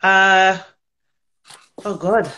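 A woman's voice: mid-range voice, steady tone, very slow, bright, forceful tone. A British woman chatting about her work as a nanny in an interview, laughing often and acting out what people said. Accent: British English. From United Kingdom. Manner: chatty, laughs often, acts out quoted voices. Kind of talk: casual interview chat.

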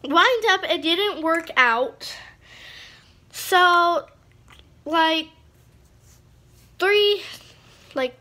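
A woman's voice: extremely high pitch, expressive, extremely slow, long pauses, bright, forceful tone. A female vlogger chatting casually to the camera, rambling with lots of fillers and restarts.

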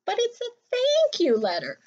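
A woman voicing an eager, chatty young male rabbit in a storybook, talking high and excited. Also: normal speed, muffled recording, exaggerated voice.

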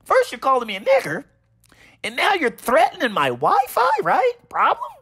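A man putting on a higher, exasperated voice as an indignant young male gamer. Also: wildly swooping pitch, normal speed, sharp tone, full character voice.

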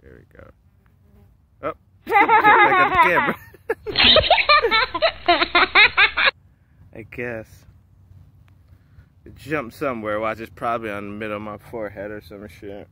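A man's voice: fairly low pitch, heavy background noise. Amused man vlogging, frequent laughs. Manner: laughing often, amused, slangy. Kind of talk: casual vlog chat. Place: indoors in an office.

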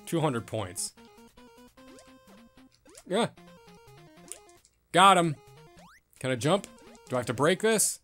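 Excitable swearing gameplay streamer man. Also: a little high. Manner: loud, swearing, reacting to the game. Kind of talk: excitable let's-play commentary.

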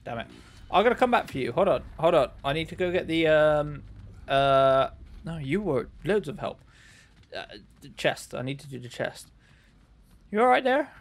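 A man's voice: fairly high pitch, expressive, moderate pace. A man giving sarcastic, chatty commentary while playing a video game and talking back to its characters. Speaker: let's play gamer. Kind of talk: casual gameplay commentary.

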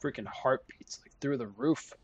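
A young man giving jokey, excitable gameplay commentary, talking to himself, his voice starting to go hoarse. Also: medium pitch, moderate pace, a little hiss or hum. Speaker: gaming commentator.

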